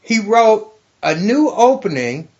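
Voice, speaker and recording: A middle-aged man, a stand-up comedian guest, telling a story in a profane, animated way, laughing often. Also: high voice, slow. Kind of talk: casual storytelling. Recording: dull lo-fi podcast recording.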